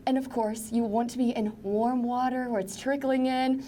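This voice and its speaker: A woman TV reporter talking to camera inside a submarine in a lively, chatty way. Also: fairly high pitch, moderate pace, few pauses, a little hiss or hum. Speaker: TV reporter on location.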